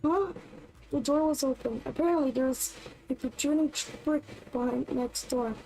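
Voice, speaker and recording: High-voiced woman streaming a game. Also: steady tone, moderate pace, vocal fry, warm tone, rough recording. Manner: reads game text aloud between chatty reactions. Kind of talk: casual gameplay commentary.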